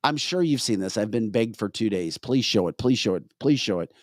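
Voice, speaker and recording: A man's voice: on the low side, lively intonation, a little fast, dry recording, studio quality. A man hosting a casual political talk show, talking animatedly and reading out viewer comments. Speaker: host.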